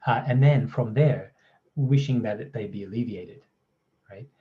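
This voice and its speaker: A man's voice: fairly low pitch, measured pace, lo-fi sound. A man with an Australian accent presenting a training course, explaining in a conversational way and often checking in with "right?" and "you know". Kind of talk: explanatory talk to camera.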